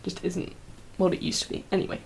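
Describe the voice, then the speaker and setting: Brief: young woman, soft-spoken ASMR chat, breathy half-whispers, teary and rambling, faint background hum. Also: fast, rough recording. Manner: rambling, full of fillers and laughs. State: teary, emotional. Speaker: ASMR creator.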